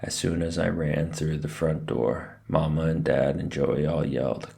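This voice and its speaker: A man reads a children's novel aloud with expressive, lively narration. His voice is extremely low. It has a heavy gravelly fry. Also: measured pace, hardly any pauses. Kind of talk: storybook read-aloud.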